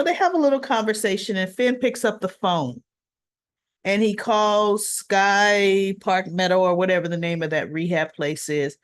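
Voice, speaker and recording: A woman casually recapping a soap opera episode, retelling the scenes in a chatty way and voicing bits of the dialogue. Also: mid-range voice. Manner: chatty, acts out dialogue in quotes.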